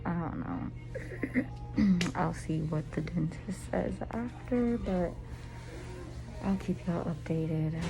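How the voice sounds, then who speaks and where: A woman's voice: on the low side, slow, long pauses, music in the background, rough recording. A young woman vlogging in a casual, chatty way, full of "like" and "y'all", with a nervous edge at times. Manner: chatty and informal, lots of "like" and "y'all". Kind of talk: casual chat. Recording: loud road and car noise.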